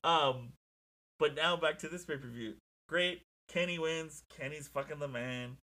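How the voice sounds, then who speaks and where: A young man chatting casually as a podcast co-host, telling stories in an excitable, animated way with lots of swearing. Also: fairly high pitch, a little slow. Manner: excitable, profane, animated storytelling. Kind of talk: casual chat.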